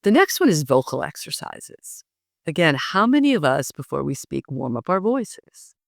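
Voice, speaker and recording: A middle-aged woman coaching public speaking, lively and often laughing as she demonstrates. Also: sits low, normal speed, vocal fry, no room sound, clean studio sound. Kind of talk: instructive interview talk.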